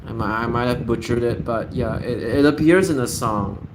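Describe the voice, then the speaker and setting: A man's voice: mid-range voice, moderate pace. A young man ranting in casual commentary, blunt and profane, full of fillers and restarts. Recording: noisy background ambience.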